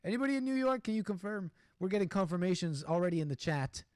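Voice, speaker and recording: A man hosting a casual livestream, chatting loosely with his viewers and reacting to a video in an animated, rambling way. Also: high-pitched, fast talker, smooth, dry recording, clean studio sound. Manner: animated, rambling, talks to chat, mock-singing asides. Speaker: livestream host. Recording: music playing behind the voice.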